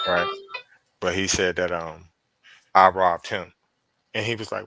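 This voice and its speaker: A man with a Pennsylvania accent, a podcast guest telling a story in casual chat, profane and animated as he acts out quoted dialogue. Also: deep voice, unhurried, long pauses, soft background music.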